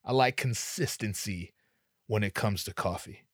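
A man hosting a solo comedy podcast, telling a rambling, profane, self-deprecating story, his voice jumping up in sudden animated bursts. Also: on the low side, a little slow, dry recording, clean studio sound. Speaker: podcast host.

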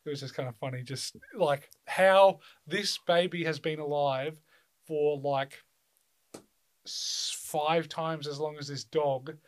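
In casual conversation, a young man with a slightly high voice tells rambling, profane stories and laughs often. He speaks slowly with fairly even intonation.

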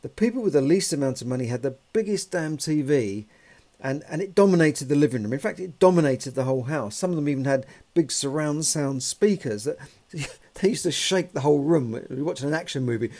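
A man's voice: fairly high pitch, lively intonation, a little fast, a little mellow. A man, talking in a rambling, conversational monologue full of "you know" and restarts. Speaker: podcast host. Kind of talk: casual monologue.

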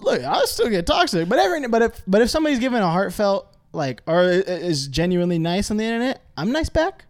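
Excitable, joking man in casual chat. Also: high-pitched, quick pace, few pauses. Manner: joking, excitable, says bro and dude. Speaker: podcast co-host.

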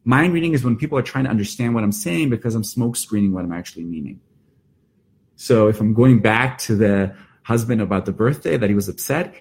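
A man's voice: medium pitch, darkish tone, slightly rough. A middle-aged man, a therapist speaking in an earnest, reflective podcast monologue with emphatic restarts. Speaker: therapist and workshop leader.

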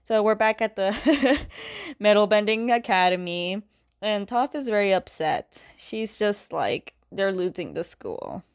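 A woman's voice: mid-range voice, animated, a little slow, clear, resonant tone. A woman casually retelling a comic book story in a chatty way, often saying "like" and laughing between plot points.

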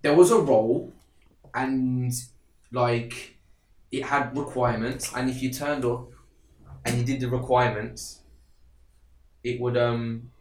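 A man, an actor chatting as a podcast guest in a lively, slangy way, full of "innit" and "you know what I mean". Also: medium pitch, slow pace, pauses often. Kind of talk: casual chat. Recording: roomy, somewhat distant mic.

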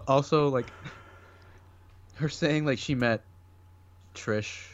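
A man's voice: medium pitch, drawn-out words, fairly bright tone, lo-fi sound, a little hiss or hum. A man co-hosting a casual podcast chat, talking loosely with lots of fillers and frequent laughs. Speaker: podcast co-host.

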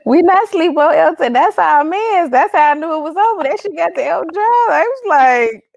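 Blunt, gravelly-voiced woman chatting. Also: very high voice, lively intonation, moderate pace, darkish tone, no echo, muffled recording. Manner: blunt, profane, laughing often. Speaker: co-host. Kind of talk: casual pop-culture chat.

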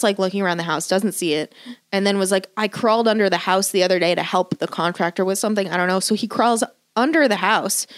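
A woman co-hosting a podcast, telling stories in a rambling, casual way and swearing freely. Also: medium pitch. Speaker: podcast co-host. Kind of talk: casual chat.

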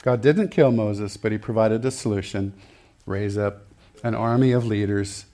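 A man's voice: lowish voice, moderate pace, dark tone. A middle-aged man gives a sermon from the pulpit, conversational rather than formal. He tells stories with easy laughter and acts out the quotes along the way. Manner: chatty, laughing storyteller who acts out quotes. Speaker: pastor.

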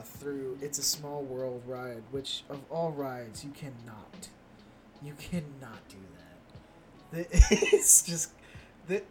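A man's voice: medium pitch, a little mellow, slight background noise. A man co-hosting a casual news podcast, rambling through stories with lots of fillers and restarts. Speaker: podcast co-host.

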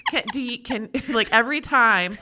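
A woman's voice: fairly high pitch, normal speed, noisy background. A woman co-hosting a casual comedy podcast, reading listener ghost stories aloud and joking, laughing often. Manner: animated, jokey, laughs often, puts on silly accents. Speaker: podcast co-host.

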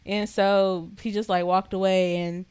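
Animated young woman telling a story. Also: mid-range voice, a little slow, smooth. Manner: animated, swearing, acts out quotes. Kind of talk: casual storytelling chat.

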